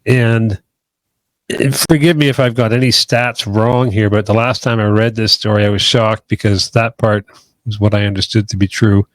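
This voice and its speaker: This male podcast co-host has a lowish voice with fairly even intonation and a moderate pace; his casual talk rambles, hedges and keeps restarting, captured in a dry recording.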